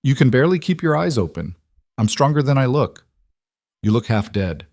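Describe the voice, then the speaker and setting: A man voicing a hunted young woman, wary and defiant, with guarded, quick comebacks in an audiobook story. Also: medium pitch, big pitch swings, a little mellow, no room sound, clean studio sound, pitched above the performer's own voice. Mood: alarmed.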